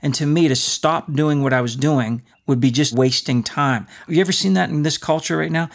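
A man co-hosting a faith talk show, teaching in an animated, preacher-like way and acting out stories. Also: on the high side, fairly quick, creaky, few pauses. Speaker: podcast co-host. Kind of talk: conversational faith teaching with storytelling.

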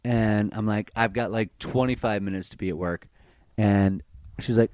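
Low-voiced man telling crude bar stories. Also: steady tone, moderate pace, a little mellow, clear, resonant tone, no room sound, studio quality. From Baltimore. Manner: rambling and crude, lots of fillers. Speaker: podcast co-host, bartender. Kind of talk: casual podcast banter, storytelling.

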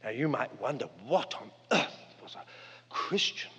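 A man's voice: expressive, a little slow, slightly rough. Older man preaching in an echoing hall. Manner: earnest, dramatic storytelling with wide swings of pitch and loudness. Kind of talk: sermon. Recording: long hall reverb, dull lo-fi sound.

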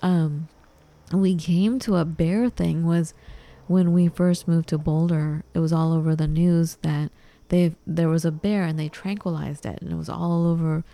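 In a dry recording, a low-voiced woman speaks at a measured pace as a podcast co-host. She chats casually and animatedly plays out the dialogue of the people she's describing.

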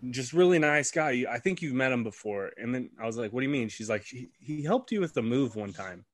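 A young man tells a story in a casual, animated way, swearing freely and acting out what people said. His voice sits at a middle pitch. The sound is dry and close. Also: fairly quick, no echo. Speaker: podcast co-host.

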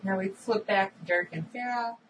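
A woman co-hosting a casual recap chat about a TV episode, animated and acting out characters' lines. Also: mid-range voice, normal speed. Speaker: podcast co-host. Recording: distant mic with audible background noise.

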